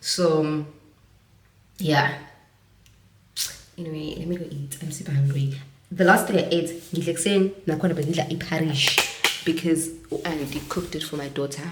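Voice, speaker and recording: A woman's voice: low voice, fairly even intonation, normal speed, long pauses, slight background noise. A young South African woman vlogging casually, reflective and switching between English and Zulu phrases, a Zulu speaker. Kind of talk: casual talking to camera. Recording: roomy audio from a distance.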